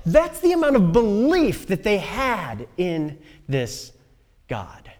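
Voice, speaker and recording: Male preacher, high lively voice, casual storytelling with fillers. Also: slow pace. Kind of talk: sermon.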